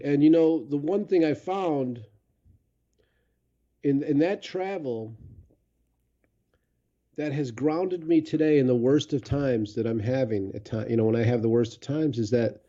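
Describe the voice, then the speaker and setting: A man's voice: on the high side, dark tone, muffled recording. A man from Chicago telling candid, profane stories as a podcast guest, turning reflective as he goes. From Chicago, USA. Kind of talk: casual storytelling.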